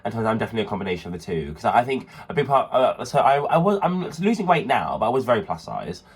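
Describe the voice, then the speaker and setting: A man's voice: medium pitch, very animated, racing, breathy edge. A young man co-hosting a podcast in camp, chatty banter. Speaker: podcast co-host. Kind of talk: casual chat.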